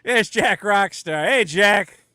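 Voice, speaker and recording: A man hosting a call-in show, rambling and swearing, acting out quotes in high voices. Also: expressive, takes it slowly, pushed and bright, dry recording, studio quality. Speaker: host. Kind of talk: casual call-in show banter.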